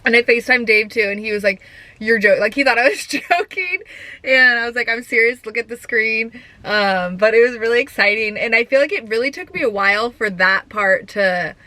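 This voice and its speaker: A young woman vlogging in a casual, chatty way, full of "like" and quick laughs. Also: a little high, animated, sharp tone, no room sound. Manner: chatty, giggly, lots of filler "like". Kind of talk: casual chat.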